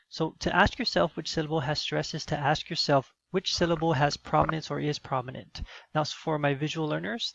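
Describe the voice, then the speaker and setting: Gravelly-voiced man teaching a lesson. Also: a little high, a bit bright, no room sound, lo-fi sound. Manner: instructional, with fillers. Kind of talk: recorded teaching demo.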